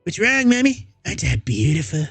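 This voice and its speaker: A man's voice: high-pitched, sing-song, brisk, vocal fry, a bit bright, husky, no echo, pitched above the performer's own voice, exaggerated voice. A man voicing an insane young boy who speaks in a sweet, childlike, sing-song way. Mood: creepy innocent. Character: creepy cheerful boy gone insane.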